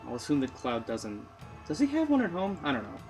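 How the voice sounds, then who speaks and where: A man's voice: mid-range voice, wildly swooping pitch, brisk, vocal fry. A man giving casual, sarcastic commentary while playing a video game, often mocking himself. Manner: sarcastic, self-mocking asides. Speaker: let's player. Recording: faint game music behind.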